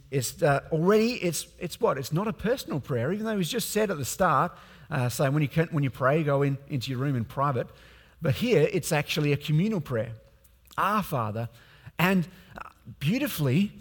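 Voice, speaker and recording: A man's voice: on the high side, slightly rough, long reverb tail. A man preaching a sermon as a pastor, speaking conversationally with many fillers and restarts.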